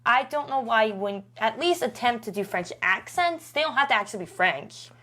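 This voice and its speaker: A woman's voice: fairly high pitch, expressive, normal speed, bright, forceful tone. A woman co-hosting a podcast in casual chat, talking with lots of fillers and restarts. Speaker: podcast co-host.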